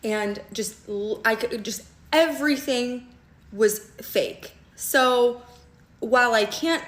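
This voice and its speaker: A young woman telling a story in a casual vlog, animated and fast, with constant "like" and "okay?" checks. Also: on the high side, echoey room. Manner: animated, fast and conversational, heavy use of "like" and "okay?". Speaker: storyteller recounting a relationship.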